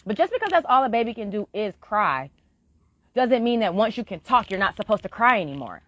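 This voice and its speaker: A woman with a mid-range voice speaks a little fast, her pitch swinging widely and her tone fairly bright. In a frank, earnest live-stream monologue, she swears freely while urging listeners on with heartfelt encouragement. The recording is dull, lo-fi, and dry.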